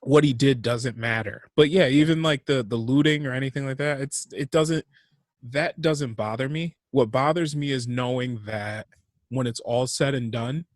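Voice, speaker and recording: A young adult man talks bluntly on a podcast, swearing freely and giving his opinions straight. His voice sits at an ordinary middle pitch, and the recording is dry and close, with almost no room sound. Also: moderate pace, no echo. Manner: blunt, profane, frank opinions. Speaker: podcast co-host. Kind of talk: casual podcast chat.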